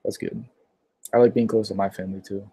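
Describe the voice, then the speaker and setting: A nineteen-year-old man answering viewer questions on a casual livestream, his voice mellow and dark in tone and slightly low in pitch. He rambles in an offhand way, dropping plenty of "uh"s between answers. The sound is dry and close, with no room echo. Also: steady tone, racing, slightly rough. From Pittsburgh, Pennsylvania. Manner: rambling, filler-heavy, many "uh"s.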